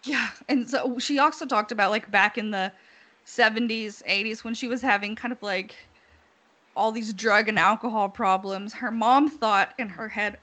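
Woman co-host, bright-ish higher voice, giggly and chatty, casual retelling. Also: measured pace. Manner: giggly, chatty, laughs often while retelling. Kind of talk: casual chat.

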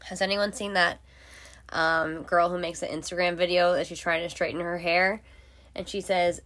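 A woman's voice: on the low side, a little fast, a bit bright. A young woman hosting a podcast, telling a story in a casual, chatty way and swearing freely. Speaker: podcast host.

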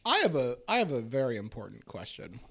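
A man co-hosting a podcast in casual chat, launching into excitable, laughing rants with plenty of swearing. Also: mid-range voice, fairly quick, creaky. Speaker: podcast co-host.

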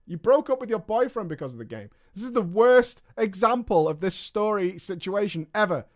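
A high-voiced man with a northern English accent, his pitch swinging widely as he talks. He chats with his live-stream audience and exclaims his reactions freely. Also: normal speed. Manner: excitable, exclaiming, chatty with viewers. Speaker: streamer reading viewer stories. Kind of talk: live-stream chat and commentary.

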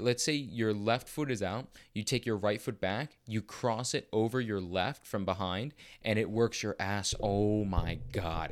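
A young man hosting a podcast, talking in a crude, boastful, profanity-laced casual monologue. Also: on the low side. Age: young adult. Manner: bursts of fast, excited talk. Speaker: podcast host.

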